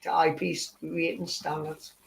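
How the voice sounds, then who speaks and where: A man's voice: on the high side, completely flat delivery, measured pace, gravelly, a little hiss or hum. A man with a Geordie accent trading crude, sweary banter as a guest on a casual live-stream chat. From North East England. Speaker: panel guest.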